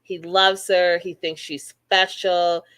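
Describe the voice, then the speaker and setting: A woman from Canada hosting a casual reality TV recap, blunt and animated, acting out quotes. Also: on the low side, slow, clear, resonant tone.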